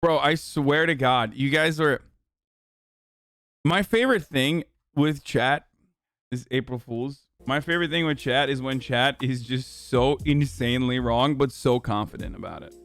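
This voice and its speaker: Young guy streaming, swears a lot, teases chat, crisp dry voice. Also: mid-range voice, unhurried, dry recording. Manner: profane, mocking, loud bursts of laughter. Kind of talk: casual livestream chat.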